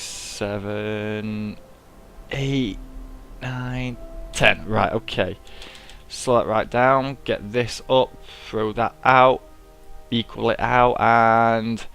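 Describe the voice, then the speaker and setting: A man's voice: on the low side, fairly bright tone. A young man giving casual, self-mocking commentary as he plays a game, talking himself through each step. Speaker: gaming YouTuber. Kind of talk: casual let's-play commentary.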